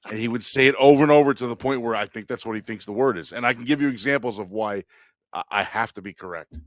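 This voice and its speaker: A man's voice: medium pitch, quick pace, no echo, clean studio sound. A man co-hosting a comedy podcast, telling a workplace story in casual chat, swearing freely and laughing at his own punchlines. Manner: profane, animated, laughs while telling stories. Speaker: podcast co-host.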